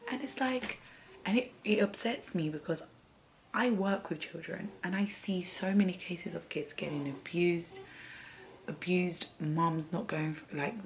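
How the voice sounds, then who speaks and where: A woman's voice: fairly low pitch, vocal fry, a little hiss or hum, rough recording. A young woman vlogging candidly and heartfelt about life after having a baby, rambling and getting teary as she talks. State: teary, emotional. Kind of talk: candid personal vlog.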